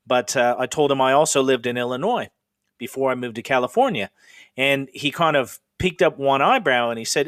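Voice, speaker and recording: Brief: middle-aged male podcast host, Pacific Northwest native, rambling campfire-style storyteller, mid pitch, dry close sound. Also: brisk, a bit bright, no echo. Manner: chatty, rambling, with frequent fillers. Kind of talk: casual ghost storytelling.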